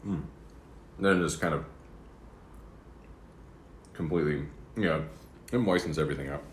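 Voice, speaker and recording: A man's voice: extremely low pitch, lively intonation, measured pace, long pauses, slight background noise. A man livestreaming from his apartment room, chatting casually and rambling while he eats breakfast. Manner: rambling, chatty, eating between words. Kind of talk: casual chat. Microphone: streaming setup. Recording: roomy apartment echo.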